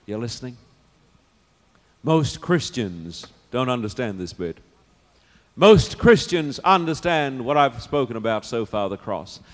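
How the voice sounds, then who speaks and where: A man preaching a sermon, swinging from loud declarations to hushed, intimate asides. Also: mid-range voice, sing-song, unhurried. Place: church or meeting hall. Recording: long hall reverb.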